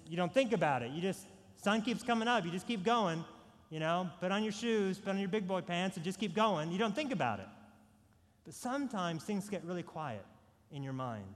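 Preaching in a big hall with long reverb, this male pastor has a fairly high voice. His delivery is dynamic, moving from hushed, intimate moments to loud emphasis, and he keeps returning to rhetorical questions.

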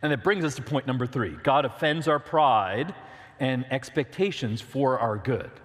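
A man's voice: medium pitch, animated, normal speed. Man preaching a sermon, earnest, lots of questions to the crowd, long hall reverb. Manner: earnest preaching, rhetorical questions, reads scripture aloud. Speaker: pastor.

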